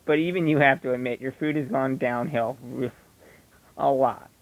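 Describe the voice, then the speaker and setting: A man's voice: mid-range voice, moderate pace, rough recording. A man with a Delco accent from the Philadelphia area, ranting casually and bluntly about local opinions straight to camera. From Delaware County, Pennsylvania. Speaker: vlogger.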